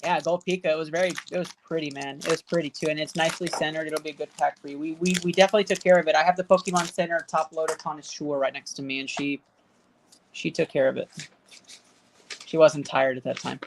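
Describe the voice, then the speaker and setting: Over a noisy background, a woman with a low, steady voice speaks fast as she hosts a card-pack-opening livestream. She tallies running card value totals aloud and chats, cheers, and banters casually with her viewers.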